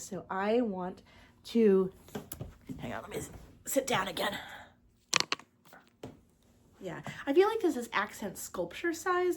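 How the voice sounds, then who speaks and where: A woman's voice: mid-range voice, a little mellow. Bubbly woman crafter. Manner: bubbly, chatty, lots of fillers. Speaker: crochet vlogger. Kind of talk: casual crafting vlog.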